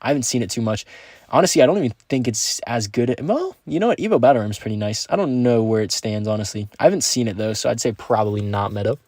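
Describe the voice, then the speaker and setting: A man's voice: fairly low pitch, fast talker, darkish tone, no echo, clean studio sound. Laid-back young man streaming a game. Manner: laid-back, upbeat, slangy, talks to chat. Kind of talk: live-stream gameplay commentary and chat reading.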